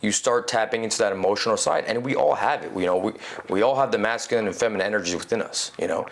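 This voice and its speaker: A man talking as a podcast guest in casual conversation, animated and swearing casually, peppering his talk with "you know". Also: lowish voice, fast talker, vocal fry. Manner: animated, acts out quoted inner voices.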